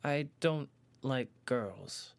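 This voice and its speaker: A man's voice: medium pitch, animated, very slow, gravelly, dry recording, full character voice. An actor playing an earnest, anxious bullied orphan boy who stammers when upset. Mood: tender.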